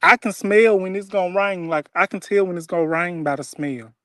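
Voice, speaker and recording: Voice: medium pitch, a little fast, fairly bright tone, no echo, clean studio sound. A person from Mississippi with a Southern twang, chatting casually on a livestream in folksy country talk. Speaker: livestream co-host. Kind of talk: casual chat.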